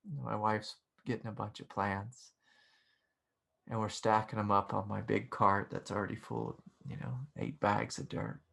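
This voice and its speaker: A man's voice: on the low side, steady tone, normal speed, creaky, fairly bright tone, husky. A man who teaches meditation, telling a family story casually over a video call, rambling with many fillers and frequent chuckles. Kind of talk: casual storytelling in an online satsang.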